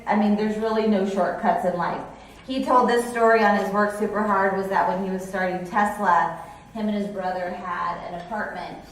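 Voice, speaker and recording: A woman's voice: medium pitch, a little hiss or hum. Woman president doing a keynote, chatty storytelling, echoey hall, kinda far from the mic. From California. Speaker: company president giving keynote. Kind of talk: conference keynote speech. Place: conference hall.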